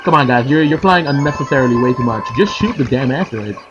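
A young man giving sarcastic let's play commentary, yelling and screaming at the game. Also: medium pitch, lively intonation, fast talker, dull audio. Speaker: gaming commentator. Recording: game music behind.

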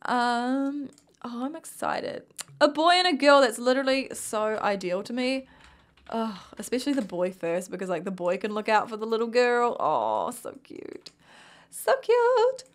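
A woman's voice: a little high, normal speed. A young woman with a New Zealand accent, tired and yawning, chatting casually as she plays a life-sim game and talks to her characters. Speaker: gaming youtuber. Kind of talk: casual gameplay commentary.

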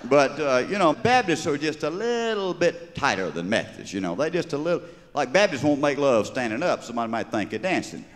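A man's voice: mid-range voice, lively intonation, a little fast, a little hiss or hum. A man with a Georgia Southern accent doing folksy, rambling stand-up storytelling on stage. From Georgia, USA. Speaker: stand-up humorist. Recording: live stage recording with long reverb.

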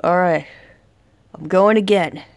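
A young woman commenting on a horror game she is playing, dramatic, shouting and taunting the villain as she goes. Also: lowish voice, slow pace, no echo. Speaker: gaming youtuber. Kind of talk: excited let's-play commentary.

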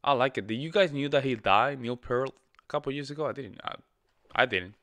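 A man's voice: mid-range voice, brisk, a bit bright, no echo. A man hosting a music reaction video, chatting casually and repeating himself, often calling listeners bro and man. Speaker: music reaction channel host.

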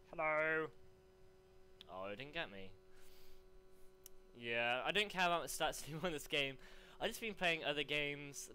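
A young man commentating live on his gameplay, rambling between chat and excited yelps. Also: on the high side, slight background noise. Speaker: gaming commentator.

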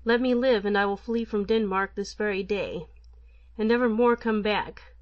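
A woman's voice: a little high, fairly even intonation, moderate pace, muffled recording, natural voice. A woman voicing a hungry young boy prince who begs in a raised, pleading voice.

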